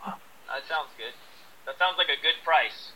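A man's voice: on the high side, unhurried, bright, forceful tone, rough recording. A man from the United States, a filmmaker, who chats as a guest and laughs easily. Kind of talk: casual interview chat.

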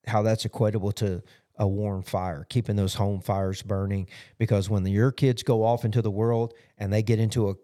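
A pastor with a lowish, warm voice chats casually about his sermon for a podcast recap. He rambles loosely, dropping "you know" again and again.

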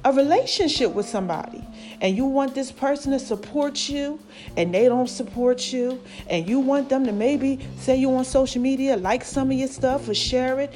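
High-voiced woman podcaster, a bit out of breath. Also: dark tone. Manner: affectionate, preachy, addresses listeners as babies. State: slightly out of breath, swollen throat. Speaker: podcast host. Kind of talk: casual motivational monologue.

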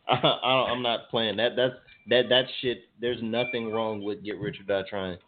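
A man co-hosting a loose radio chat, slangy and emphatic as he argues his point. His voice sits on the low side and sounds narrow and tinny, like a phone line. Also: steady tone, measured pace, a little hiss or hum. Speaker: podcast co-host.

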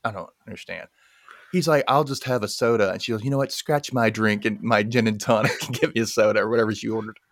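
A man's voice: fairly low pitch, fast talker, dry recording, studio quality. A man casually recapping a film plot and acting out the characters' lines in a chatty way. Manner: animated, acts out the characters' lines. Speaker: podcast co-host.

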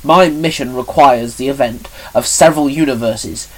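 A man voicing a calm, sarcastic male guardian of time who speaks sternly and dryly. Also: medium pitch, moderate pace, natural voice, low-quality recording.

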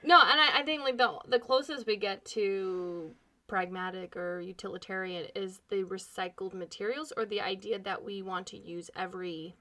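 A woman's voice: medium pitch, fairly even intonation, normal speed, sharp tone. A woman co-hosting a podcast, telling stories in a rambling, chatty way. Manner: chatty, rambling storyteller with frequent laughs. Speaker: podcast co-host. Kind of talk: casual chat.

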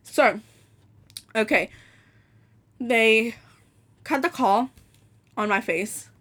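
A young woman rants straight to camera about a bad customer experience, swearing often and acting out the other side of the conversation. Her voice sits a little high and sounds bright and forward. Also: drawn-out words. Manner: animated, swears freely, mimics others; switches to Cantonese when quoting. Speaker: vlogger. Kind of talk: casual ranting vlog.

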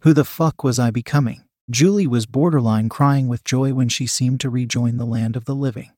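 A man reading a first-person story aloud as a steady narrator. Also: mid-range voice, moderate pace. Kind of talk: scripted narration.

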